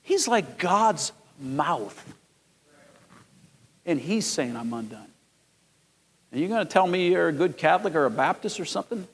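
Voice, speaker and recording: A man in his fifties preaching a sermon as pastor, telling stories and rising to loud, emphatic peaks. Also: fairly high pitch, expressive, a little slow, long pauses, slightly rough. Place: large church sanctuary. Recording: long hall reverb.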